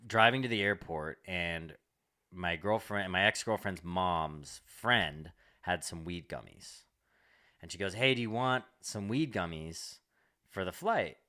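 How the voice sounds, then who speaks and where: A young man with a deep voice and a bright, pushing edge tells a story on a comedy podcast. He rambles and swears, stacking up filler words as he goes. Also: animated, slow pace, smooth. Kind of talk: casual storytelling chat.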